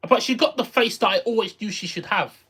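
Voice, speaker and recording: A streamer casually reacting live to a game, excitable, repeating phrases and exclaiming. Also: medium pitch, fairly quick, slightly rough.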